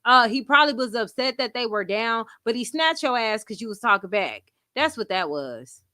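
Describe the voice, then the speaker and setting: A woman's voice: a little high, big pitch swings, moderate pace, sharp tone, no echo, clean studio sound. Brash profane woman reacting. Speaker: commentator reacting to a clip. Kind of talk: blunt reaction commentary.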